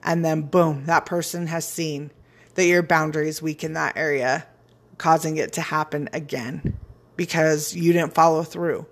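A woman's voice: sits low, fairly even intonation, moderate pace. A woman giving a frank, casual motivational talk. She swears freely and laughs often. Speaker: speaker on personal boundaries.

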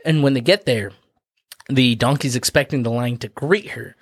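Brief: casual male co-host, profane, loose storytelling, mid pitch. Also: moderate pace, no room sound, studio quality. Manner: profane, rambling with lots of "like".

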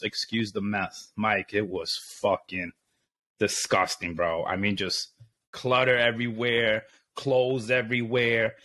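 A young man with a mid-range voice tells stories with energy in a relaxed conversation. He swears freely and laughs often as he talks. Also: medium pitch. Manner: animated storyteller, profane, laughs often. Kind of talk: casual chat.

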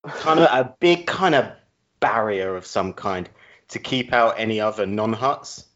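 Halting low-voiced man. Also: a bit bright. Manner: halting, full of ums, dry asides. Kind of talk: casual comedic chat. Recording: dull lo-fi sound.

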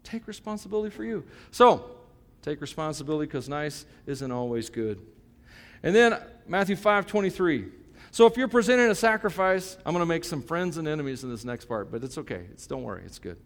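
Pastor, man in his fifties, slightly high voice, casual and joking, then emphatic; long hall reverb. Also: big pitch swings, fairly quick. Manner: conversational, joking, emphatic preaching. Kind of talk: sermon.

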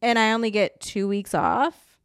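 A woman's voice: on the high side, measured pace, clean tone, no room sound, studio quality. A young woman co-hosting a podcast, ranting in casual chat, saying "like" a lot and swearing casually. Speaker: podcast co-host.

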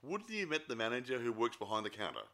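A man's voice: mid-range voice, sing-song, quick pace, fairly bright tone. A man in a casual chat about a film, playful, cracking jokes and finishing his co-host's sentences. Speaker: podcast co-host.

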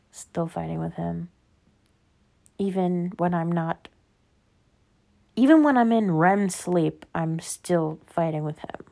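Hosting her own show solo, a young adult woman chats casually in a low-ish, creaky, mellow voice. Her stories wander, full of tangents and plenty of "like."

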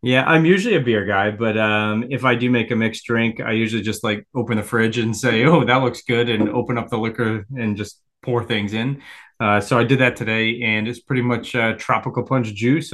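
A laid-back man from New England chats as a podcast guest. His voice sits at an everyday male pitch, and he talks in an easygoing, unhurried way. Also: a bit bright. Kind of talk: casual chat.

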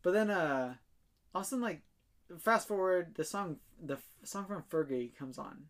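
A man's voice: sits high, expressive, normal speed, a bit bright. A young man telling a rambling story in casual chat, full of fillers and swearing and laughing as he goes.

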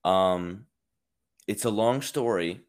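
A man's voice: lowish voice, slow pace. A man hosting a casual podcast chat, telling rambling, laid-back stories full of filler words. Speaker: podcast host.

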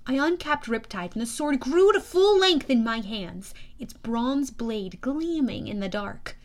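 High-voiced woman narrating an audiobook. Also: a little slow, hardly any pauses. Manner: lively, expressive storytelling with youthful energy. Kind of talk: first-person audiobook narration.

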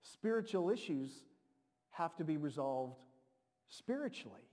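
A man preaching a sermon in an animated way, repeating words and now and then shouting to act a point out. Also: on the high side, a little slow. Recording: long reverb of a large hall.

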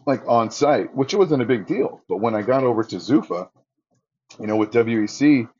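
A man's voice: medium pitch, lively intonation, normal speed, darkish tone, husky, muffled recording. A man, a ring announcer, telling stories in a casual interview and acting out his own quotes with a raised voice.

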